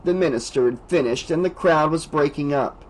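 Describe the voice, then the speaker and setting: Higher-voiced man reading a horror audiobook. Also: moderate pace, rough recording. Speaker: audiobook narrator. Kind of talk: scripted narration.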